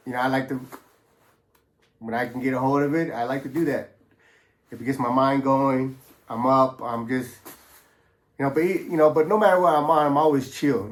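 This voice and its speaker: A middle-aged man casually recounting his past in a laid-back, streetwise way, full of slang and fillers. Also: mid-range voice. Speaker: former prisoner telling his story. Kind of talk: casual storytelling. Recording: roomy echo.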